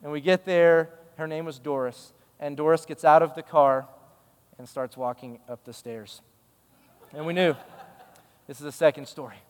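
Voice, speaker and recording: A man's voice: a little high, steady tone, normal speed, a little mellow, in a large hall. A male pastor giving a sermon, telling a story in a conversational, emphatic way.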